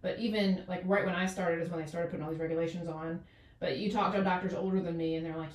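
A woman's voice: on the low side, steady tone, quick pace, a little mellow. Rambling woman doctor, echoey and distant. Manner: rambling, many fillers and restarts. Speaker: doctor, podcast guest. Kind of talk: casual interview chat. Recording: echoey room, off the mic.

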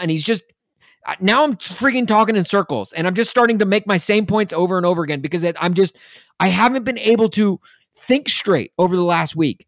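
A man's voice: high-pitched, normal speed, a bit bright, dry recording. Male podcast co-host, furious rant, trips over his words, dry close sound. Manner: angry, fired-up ranting with stumbles and restarts. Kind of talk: casual sports podcast rant.

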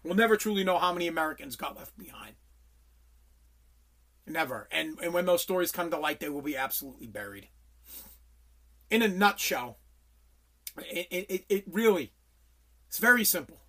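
A podcast host with a bright, forceful, medium-pitched voice delivers an angry political rant with lively intonation at a moderate pace, broken by long pauses. He swears constantly and hammers the same phrases over and over for emphasis, stumbling into restarts when he gets worked up, profane and heated throughout.

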